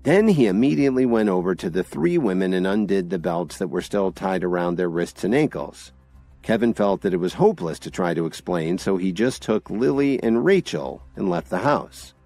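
A man narrating an audio drama series in an expressive storytelling manner. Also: sits low, normal speed, no room sound, soft background music.

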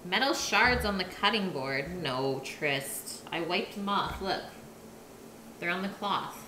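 A woman's voice: fairly low pitch, animated, slow pace, slight background noise. A woman from Canada cooking on a live stream in her home kitchen, chatting with viewers and answering their chat as she works. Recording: echoey kitchen with loud clatter. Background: clattering pots, pans and dishes.

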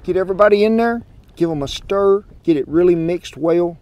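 This outdoor cooking show host speaks in a high, brisk voice with a Southern American accent, chatting homespun-style to his viewers beside a smoker grill. The audio from his wireless clip-on mic sounds dull.

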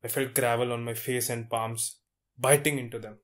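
A young man acting a shaken man in a student stage drama, telling his story in a tense, halting way. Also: medium pitch, fairly even intonation, close to an everyday voice. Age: young adult. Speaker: a young man.

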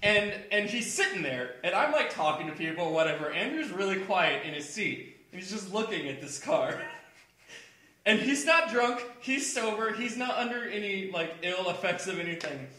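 A young man with a high, bright voice that leaps all over as he tells a story, swearing freely. He hosts a casual podcast, recorded in an echoey room. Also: moderate pace. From Kansas City area. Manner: profane, animated storyteller. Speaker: podcast host. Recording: echoey room with crowd noise.

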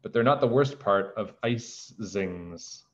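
A man voicing a calm, cheerful old male wizard who sings his spells, matter-of-fact and unflustered, on a dull, lo-fi recording. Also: fairly low pitch, slow.

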